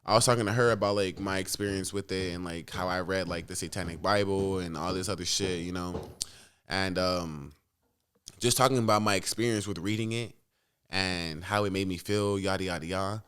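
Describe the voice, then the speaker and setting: Young adult man, casual vlogger; restless, profane, low-pitched storytelling. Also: steady tone, fairly quick, a bit bright, a little hiss or hum.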